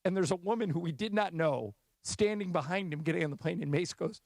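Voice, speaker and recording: A man co-hosting a radio sports talk show, his voice sitting a little high with a gravelly rasp running through it. He tells anecdotes with relish and acts out every quoted voice. The studio sound is close and dry, with no room echo. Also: expressive, a little fast, darkish tone. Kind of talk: casual studio banter.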